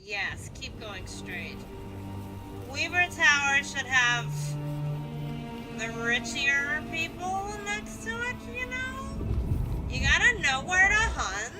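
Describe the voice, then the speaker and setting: A woman's voice: high voice, sing-song, takes it slowly, poor audio. A woman streaming a video game, chatting playfully and swearing freely with muttered asides, over game music. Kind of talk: casual gameplay commentary.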